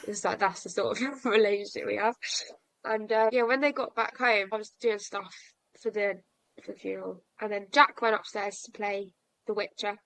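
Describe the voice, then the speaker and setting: A woman's voice: mid-range voice, steady tone, normal speed, a bit bright, no echo, poor audio. A young woman telling a personal story to a podcast host, frank and self-mocking, laughing through sad memories. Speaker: podcast guest.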